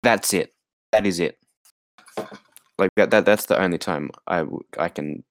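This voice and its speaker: A tired man rambles casually through a film recap, piling on fillers and laughing often. His voice sits low and sounds dry and close, with no room around it. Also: moderate pace, long pauses, dry recording. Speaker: podcast co-host. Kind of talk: casual chat about a film.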